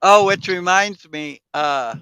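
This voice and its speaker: A man's voice: sits high, slow pace, pushed and bright, smooth, dry recording, rough recording. A man in casual chat, telling rambling stories with fillers, swearing and frequent laughter.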